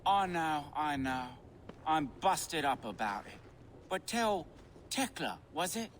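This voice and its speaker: A smooth, mocking swindler who charms and threatens in the same breath. His voice sits on the higher side and swoops up and down with theatrical flair. It is a video game voice. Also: expressive, slow pace, fairly bright tone, a little hiss or hum. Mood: sly mocking. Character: sly charming male swindler, middle-aged.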